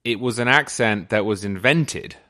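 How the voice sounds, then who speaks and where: An Englishman with a received pronunciation accent talks on a podcast in a lowish voice. He argues articulately and leans hard on his key words. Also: normal speed, bright, forceful tone. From England. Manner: articulate, emphatic, argumentative. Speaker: guest commentator. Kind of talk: podcast conversation.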